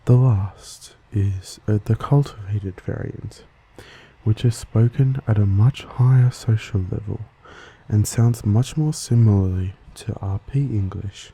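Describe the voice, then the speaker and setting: A soft-spoken Australian man gives a gentle ASMR lesson, his voice deep, mellow and breathy. He enunciates carefully into a close stereo mic. His words come at an unhurried pace. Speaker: ASMR channel host. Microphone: Blue Yeti microphone, stereo.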